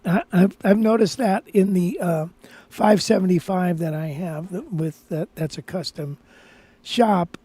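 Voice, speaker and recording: A man's voice: sits high, measured pace, mellow, husky, no room sound. A man hosting a live guitar stream, rambling casually and thinking aloud with restarts.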